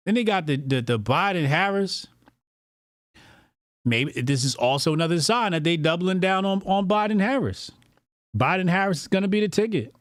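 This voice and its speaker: A man's voice: high voice, animated, normal speed, no room sound, studio quality. A man hosting a political commentary livestream, talking bluntly and profanely and reading out viewer donations. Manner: blunt and profane, with lots of repetition.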